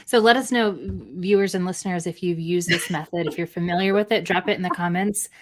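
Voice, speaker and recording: A woman's voice: lowish voice, a little fast, dry recording. Upbeat woman host addressing viewers. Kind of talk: casual chat.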